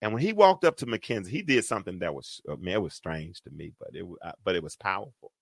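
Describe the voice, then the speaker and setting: A man's voice: low-pitched, expressive, fast, creaky, no room sound, clean studio sound. A man hosting a show, teaching from the Bible in a preaching style, colloquial and building into emphatic, repeated lines. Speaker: host.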